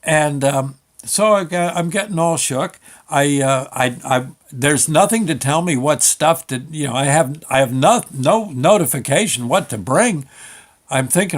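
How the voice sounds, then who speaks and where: An older man in his sixties spins a comic story as a show host, his voice sitting a little higher than most men's. He talks in an excitable, rambling way, stopping and restarting mid-sentence as the tale runs away with him. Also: measured pace. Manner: rambling, excitable, self-interrupting.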